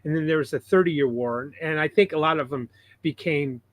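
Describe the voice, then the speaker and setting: A man's voice: on the high side, normal speed. A man co-hosting a podcast, explaining things in chatty casual talk. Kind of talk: casual chat.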